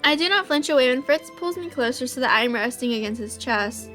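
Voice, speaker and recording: A woman reading a visual novel aloud, emotional and quick to burst into excited reactions. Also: sits high, faint music behind.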